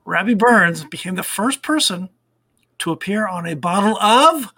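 A man co-hosting a relaxed chat, dropping trivia between fillers and trailing pauses. His voice is bright and forward, with a gravelly edge and a slightly higher pitch. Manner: reads fun facts, trails off in fillers. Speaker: podcast co-host. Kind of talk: casual chat.

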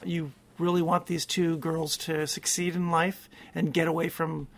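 A man co-hosting a podcast, chatting casually in a reflective way, often pausing to search for words. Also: a little high, flat delivery, creaky, fairly bright tone. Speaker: podcast co-host. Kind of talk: casual chat.

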